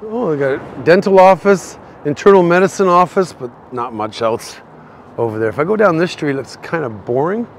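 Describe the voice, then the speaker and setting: This Canadian-accented host from Canada sounds fairly high-pitched and animated, speaking at normal speed with a little hiss or hum in the recording. A bit tipsy, he rambles and chats with viewers in chat while walking them through an outdoor city shopping street on a live-streamed tour.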